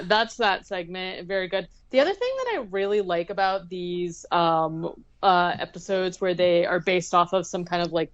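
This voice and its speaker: A woman's voice: medium pitch, muffled recording. A woman co-hosting a podcast, casually recapping an episode and padding her sentences with "like" and "um". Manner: chatty, leans heavily on "like" and "um". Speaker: podcast co-host.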